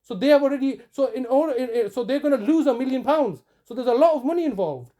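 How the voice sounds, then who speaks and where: Brief: man, mellow tone, insistent and repetitive, halting delivery. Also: extremely high pitch, expressive. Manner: insistent, repetitive, stumbling restarts. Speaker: campaigner confronting a solicitor on a call. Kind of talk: heated phone argument, then commentary to camera.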